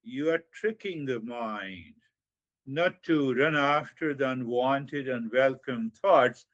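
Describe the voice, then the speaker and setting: In this spiritual talk, a male meditation teacher speaks unhurriedly, repeating brief phrases and stretching words, then suddenly rising for emphasis. His medium-pitched, middle-register voice is a bit bright, on a dull, slightly muffled recording.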